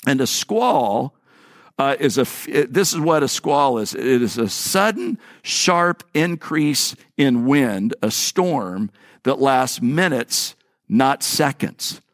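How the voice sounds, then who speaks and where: A man's voice: mid-range voice, animated, slow pace, no echo. Storytelling male pastor, dry sound. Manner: storytelling, acting out quoted voices; repeats words on restarts. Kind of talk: sermon.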